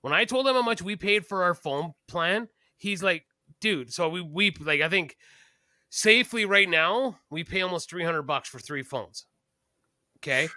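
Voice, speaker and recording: A man's voice: high voice, expressive, normal speed, sharp tone, no room sound, clean studio sound. A Canadian man co-hosting a casual podcast, blunt and profane, ranting about prices. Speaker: podcast co-host.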